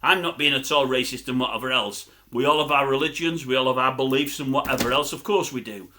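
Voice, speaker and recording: A man's voice: mid-range voice, fast talker, bright, forceful tone. An older man, rambling to camera as a vlogger in a grumbling, chatty storytelling style.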